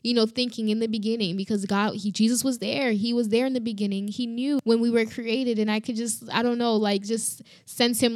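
A woman sharing a personal Bible reflection, earnest and halting, often restarting and growing emotional. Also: a little high, steady tone, no echo, clean studio sound. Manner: earnest, halting, many restarts and "you know".

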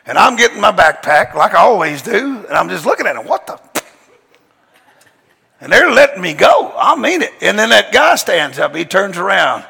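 A high, animated male preacher with a gravelly, husky voice, telling his story in a folksy, emphatic drawl. His bright, forceful delivery rings out in a big hall with a long reverb. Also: brisk, few pauses. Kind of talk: storytelling sermon. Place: large church hall.

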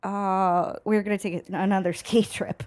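Speaking at a measured pace in a mid-range voice, a young woman co-hosting a laid-back podcast chats casually, narrating stories with animation and performing people's quoted words.

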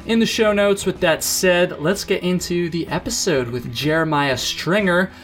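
A young man hosts a podcast in a loose, friendly chat. He laughs often and trips over his words as he restarts sentences, sounding relaxed and unscripted. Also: high voice, moderate pace, soft background music. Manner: laid-back, laughs often, many fillers and restarts. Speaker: podcast host. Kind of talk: casual podcast interview.

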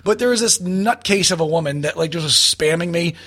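A man's voice: fairly high pitch, a little fast. A man from Orange County, California, a comedian telling stories in casual chat, acting out voices and swearing. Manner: animated storyteller, acts out voices, swears. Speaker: stand-up comedian guest.

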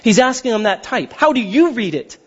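A male pastor in his thirties preaching a sermon, talking fast and getting excited, often checking in with the crowd. His voice sits high and swings widely, with a slightly husky edge. The recording sounds dull and lo-fi.

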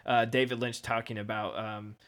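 A man's voice: medium pitch, level tone, moderate pace, a bit bright. Rambling male podcast host. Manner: rambling storyteller, many restarts. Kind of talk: casual chat. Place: lives in Iowa.

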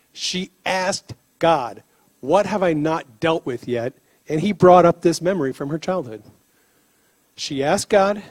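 A man preaching about healing, telling stories with lively acted-out dialogue and frequent laughter. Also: fairly high pitch, dry recording. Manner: animated storyteller, laughs often, acts out dialogue. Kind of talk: sermon with storytelling.

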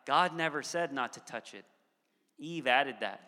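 A man's voice: mid-range voice, animated, a little slow, bright, forceful tone. A man in his thirties preaching a sermon as pastor, conversational, with frequent "okay" asides. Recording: long hall reverb.

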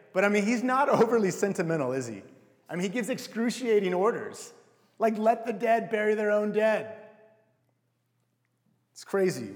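A young man preaching a sermon in a conversational, self-deprecating way, asking the audience rhetorical questions. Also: fairly high pitch. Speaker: pastor. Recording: long hall reverb.

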